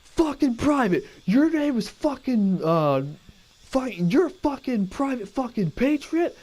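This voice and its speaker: Guy putting on a foul-mouthed drill sergeant, high-pitched drawn-out yelling. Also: sing-song, exaggerated voice. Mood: bellowing. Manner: loud, drawn-out, cursing barks. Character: profane bellowing male army drill sergeant.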